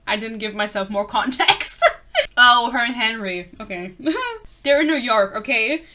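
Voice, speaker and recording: Young woman reviewer, bright and slightly high-pitched, sarcastic and blunt, swears and laughs a lot, casual rant style. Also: measured pace. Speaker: book reviewer.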